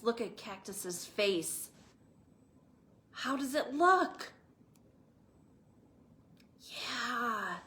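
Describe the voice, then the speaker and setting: A young woman, a children's librarian, reading a picture book aloud to young children with an expressive, engaging manner. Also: on the high side. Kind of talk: children's storytime read-aloud.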